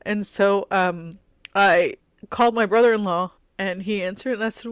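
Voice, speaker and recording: A middle-aged woman tells a deeply personal story on her podcast, stopping and restarting as she searches for words. Her voice sits at an ordinary middle pitch, and the recording is close and dry. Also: clear, resonant tone, dry recording. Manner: halting, heartfelt recounting with many fillers and restarts. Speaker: podcast host.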